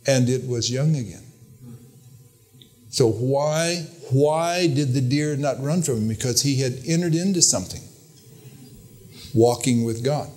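A man's voice: unhurried, long pauses, a little mellow. Older man preaching an earnest sermon. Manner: storytelling, quoting with raised pitch, earnest and emphatic.

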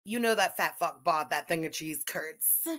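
A woman's voice: low voice, normal speed, a bit bright. A woman from Canada giving profane, sarcastic commentary while reacting to a video. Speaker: commentary streamer.

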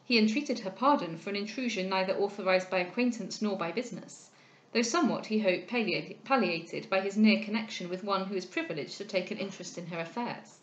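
A woman reading a classic novel aloud in a measured storytelling manner. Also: medium pitch, muffled recording. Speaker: audiobook reader. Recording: roomy echo.

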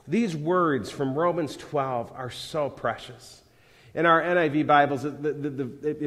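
A male pastor delivering a live sermon, his voice sitting a little high for a man. He talks conversationally and then swells into dramatic readings of scripture. The sound carries a long reverb from a large church hall. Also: moderate pace. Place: church sanctuary.

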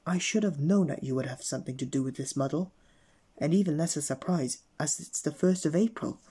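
A man's voice: fairly high pitch, a little fast, warm tone, breathy edge. A man voicing a firm, reassuring policeman in a children's storybook reading. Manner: firm and confident. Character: steady, reassuring male policeman.

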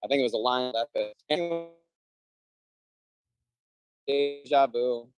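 A man appears in court over a video call and tells a long, meandering joke. He speaks at a middling pitch through a dry, close signal and pads his lines with fillers. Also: slow, clean tone, dry recording, rough recording. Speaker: defendant in a court hearing. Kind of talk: rambling joke storytelling.

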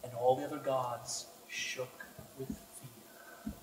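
A man's voice: medium pitch, takes it slowly, slight background noise. A man, a game designer, telling stories and joking with a live audience at a fan convention. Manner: storytelling, joking, expressive. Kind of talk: animated talk to a live audience. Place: convention hall indoors. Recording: roomy hall, mic at a distance.

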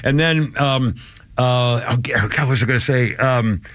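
Older man, seventies, radio host, rambling storyteller, bright tone. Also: mid-range voice. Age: 70s. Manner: rambling, halting storyteller with many restarts. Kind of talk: casual radio chat.

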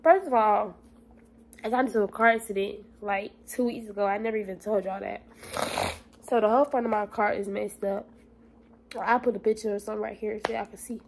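A woman's voice: mid-range voice, brisk, slight background noise, low-quality recording. A young woman vlogging in a casual, blunt and profane way, talking straight to her viewers. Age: young adult. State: stressed, near tears. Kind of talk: casual vlog chat.

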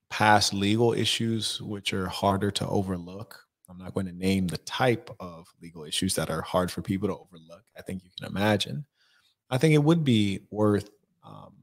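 A man hosting an advice livestream, giving blunt, measured answers to viewers' questions. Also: deep voice, creaky, fairly bright tone. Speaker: life coach host.

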